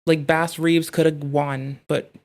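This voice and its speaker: A streamer giving casual reaction commentary, rambling and swearing while thinking out loud in riffs, talking into a desk mic at home. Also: medium pitch, little pitch movement, slow.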